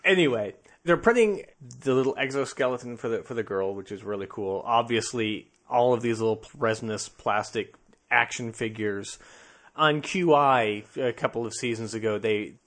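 A man's voice: mid-range voice, normal speed, fairly bright tone. Male podcast co-host, casual, playful, laughs a lot. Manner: jokey, laughs often, trails off and restarts. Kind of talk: casual chat.

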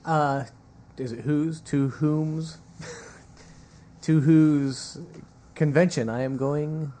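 A man's voice: on the high side, steady tone, slow, warm tone. A man co-hosting a podcast, cracking jokes and laughing often. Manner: wisecracking, lots of laughing. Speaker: podcast co-host. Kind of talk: casual chat.

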